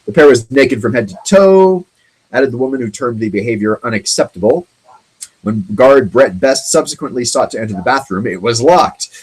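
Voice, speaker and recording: Rambling, husky-voiced male show host. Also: medium pitch, animated, rough recording. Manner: rambling, halting, with many ums and asides; sarcastic, jokey remarks on the stories. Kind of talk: casual commentary on odd news stories.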